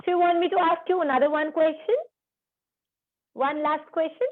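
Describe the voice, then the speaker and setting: High-voiced Indian woman teaching online. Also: steady tone. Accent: Indian English. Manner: sing-song, slow counting out sums. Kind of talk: online class for children. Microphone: video call. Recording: narrow phone-like video call audio.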